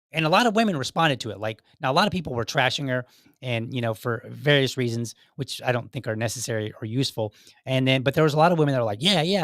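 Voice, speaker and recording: A man's voice: mid-range voice, a bit bright, no room sound, clean studio sound. A middle-aged man hosting a solo podcast, rambling in casual commentary and acting out little everyday dialogues. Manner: rambling, self-correcting, acts out little dialogues. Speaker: podcast host.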